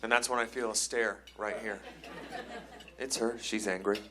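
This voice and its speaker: A man from Cleveland, Ohio, doing a live stand-up set on a comedy club stage, telling wry, self-deprecating stories that build into excited rants. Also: fairly low pitch, moderate pace, some chatter behind. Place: comedy club stage before a laughing audience.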